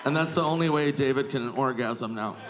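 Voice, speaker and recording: A male stand-up comedian telling self-mocking stories on stage in a lively anecdotal way. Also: medium pitch, fairly quick. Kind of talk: stand-up storytelling. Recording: live club recording with crowd noise. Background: audience laughter.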